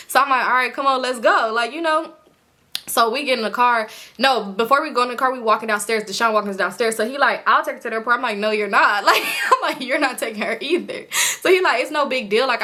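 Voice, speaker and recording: Fast, bright-voiced young woman vlogger. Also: fairly high pitch. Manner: animated, acts out quotes of friends; swears casually, addresses viewers as y'all. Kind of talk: casual storytime.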